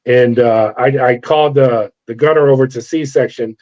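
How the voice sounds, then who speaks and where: A man's voice: mid-range voice, normal speed. A middle-aged man, a former corrections officer, telling a story in an interview and acting out the voices of the people in it. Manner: animated storyteller acting out dialogue. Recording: dull lo-fi sound.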